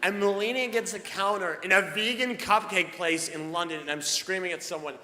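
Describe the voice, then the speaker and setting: A stand-up comedian from Boston telling an animated story on a live stage, swinging from hushed asides to outbursts. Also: male voice, high-pitched, moderate pace, hardly any pauses. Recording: live set with ambient noise.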